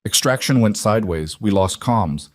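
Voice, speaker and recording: A man's voice: lowish voice, lively intonation, no room sound, clean studio sound. A man reading a weathered, blunt master chief. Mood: somber. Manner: halting, blunt. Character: gruff weathered male master chief, veteran soldier.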